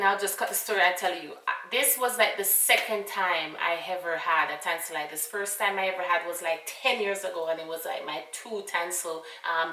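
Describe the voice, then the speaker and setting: A Jamaican woman tells a casual storytime, animated and full of asides. Her tone is bright and clear. The room is echoey and she sits a little away from the mic. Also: fairly low pitch, distant mic. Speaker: vlogger.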